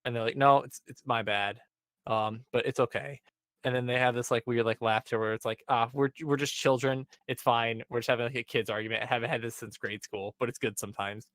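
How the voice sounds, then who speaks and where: A man's voice: medium pitch, fairly quick, no room sound. Dry, chatty young man retelling a story. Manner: animated storytelling, acting out characters' lines with many "um" and "like". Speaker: podcast co-host recapping an anime episode. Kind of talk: casual chat.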